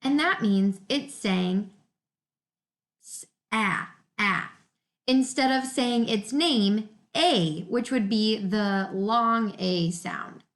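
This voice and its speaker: Through her laptop's built-in mic, a teacher leads young children in a remote reading lesson from home. Her mid-range voice is encouraging as she says each word slowly and with clear enunciation.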